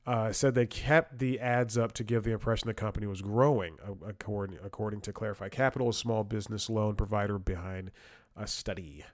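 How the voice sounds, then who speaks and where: A man's voice: lowish voice, fairly even intonation, brisk. A man hosting a comedy show, telling rambling stories with frequent chuckles and restarts, wry and blunt. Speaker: comedy podcast host. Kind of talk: rambling comedic storytelling and commentary.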